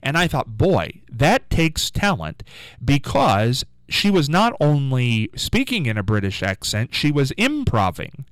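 A man's voice: medium pitch, very animated, measured pace, hardly any pauses, a bit bright, clear, resonant tone, no echo, rough recording. A man hosting a local radio show, telling a rambling story in a chatty, casual way.

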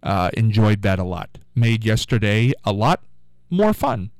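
A male radio host at a studio mic, talking in a loose, rambling way with a lively, up-and-down pitch. The sound is close and dry, with no room around it. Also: measured pace, no echo, low-quality recording. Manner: chatty, rambling, repeats himself. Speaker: radio talk show host. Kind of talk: casual call-in radio talk.

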